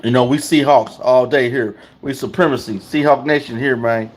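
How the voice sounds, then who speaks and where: A man's voice: mid-range voice, fairly even intonation, normal speed, a little hiss or hum. A man hosting a casual livestream, talking loosely and in slang straight to his chat. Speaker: livestream host.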